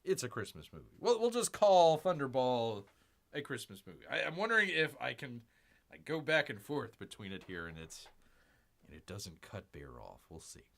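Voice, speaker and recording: A man hosting a casual livestream, rambling and talking about himself in the third person, his voice swinging from loud to a near-mumble. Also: mid-range voice, very animated, normal speed, vocal fry. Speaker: livestream host. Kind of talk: casual live-stream chat.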